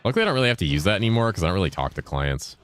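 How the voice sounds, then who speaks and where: Very deep-voiced laid-back man streaming. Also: very animated, fairly bright tone. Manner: laid-back, profane, reads and answers chat while playing; deliberately enunciated speaking voice, lifted inflection. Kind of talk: casual gaming livestream chat.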